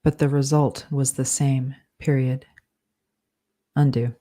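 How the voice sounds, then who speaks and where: Woman dictating a story out loud, very low flat voice, says comma and period as she goes. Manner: slow, deliberate phrasing, saying punctuation and edit commands. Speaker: author dictating a novel. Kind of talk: dictating prose aloud with spoken punctuation.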